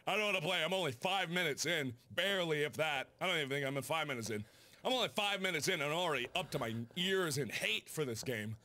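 Excitable, profane man ranting over a game. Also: a little high, fast talker. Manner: ranting, profane, with sudden outbursts. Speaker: gaming youtuber. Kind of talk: comedic gameplay commentary.

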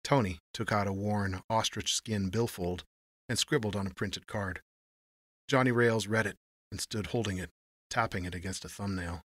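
A man narrating a noir story in a measured storytelling manner. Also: fairly low pitch, steady tone, fairly bright tone, dry recording, clean studio sound.

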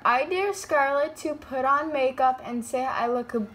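A woman's voice: high voice, unhurried, a bit bright, slight background noise. A woman narrating a playful toy skit in a silly, joking way. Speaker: toy video maker.

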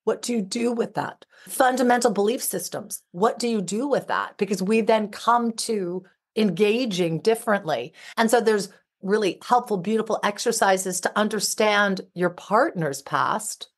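A woman's voice: mid-range voice, normal speed. A middle-aged woman, a relationship expert and author, speaking heartfelt and emphatic as a podcast guest. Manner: heartfelt, emphatic, repetitive phrasing. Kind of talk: podcast interview.

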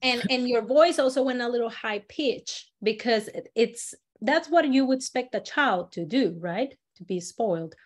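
Woman storytelling coach, somewhat high voice, encouraging, demonstrative, slips into short acted lines while instructing. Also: moderate pace, hardly any pauses. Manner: expressive, encouraging, demonstrates lines with lively voice changes. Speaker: storytelling workshop teacher.

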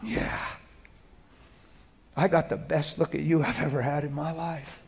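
A middle-aged man preaching a sermon to a live congregation, moving from hushed prayerful murmurs to loud, animated, laughing storytelling. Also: fairly high pitch, measured pace, creaky, husky. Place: church hall before a live congregation.

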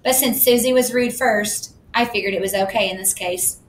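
A woman's voice: medium pitch, normal speed, roomy sound, slight background noise, rough recording. Woman reading a children's book aloud. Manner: plain, matter-of-fact storytelling. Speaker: audiobook narrator.

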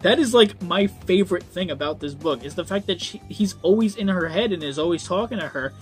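A man's voice: high voice, animated, brisk, faint music behind. A young man giving a casual book review, rambling with frequent ums and swearing when worked up.

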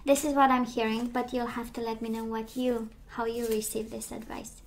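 A woman losing her voice gives a gentle, reassuring tarot reading, talking with many fillers. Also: on the high side, level tone, moderate pace, slight background noise. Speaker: tarot reader.

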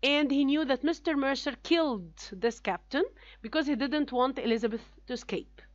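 A woman English teacher patiently explaining a story to her students, pausing on hesitant fillers as she goes. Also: sits high, no echo, muffled recording. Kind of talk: classroom explanation.

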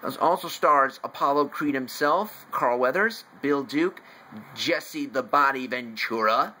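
A young man, in his teens, reviewing a movie at home in a rambling, excitable way, talking in bursts. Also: medium pitch, unhurried, rough recording. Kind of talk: casual home video review. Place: room at home, family in the house. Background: faint TV noise from downstairs.

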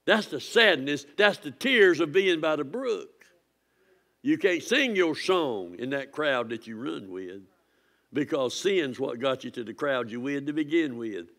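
A man pastor, preaching a sermon with impassioned swings from near-shouts to hushed warnings. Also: a little high, very animated, unhurried.

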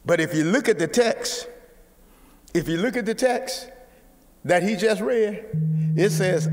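A man preaching a sermon, repeating words and rising to shouts. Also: sits high, measured pace, long pauses, long reverb tail. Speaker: pastor.

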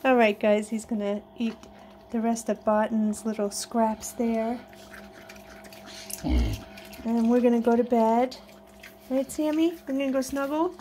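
A woman's voice: on the high side, steady tone, measured pace, long pauses, mellow, a little hiss or hum. A woman vlogging at home at night, talking in a sing-song baby voice to her pets and chatting with viewers. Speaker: pet vlogger. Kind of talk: casual chat to pets and viewers.

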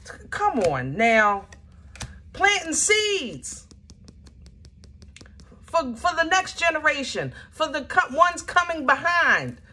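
Emphatic woman tarot reader, bright voice. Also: sits high, sing-song, measured pace. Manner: chatty, emphatic, searches for words aloud. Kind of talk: casual tarot reading to viewers.

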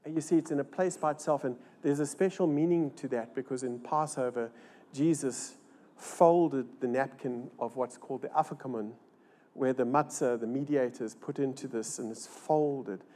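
An older man preaching a church sermon, dramatic, swinging between loud rises and hushed low lines and asking rhetorical questions. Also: normal speed. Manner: asks the crowd rhetorical questions. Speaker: pastor. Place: church service.

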